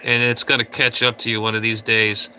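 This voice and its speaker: A man hosts a casual livestream, drifting from crude rants to chatting with viewers. His voice is bright and very sharp, with a faint hiss in the background. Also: medium pitch, little pitch movement, a little fast. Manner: rambling, crude and ranting. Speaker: livestream host.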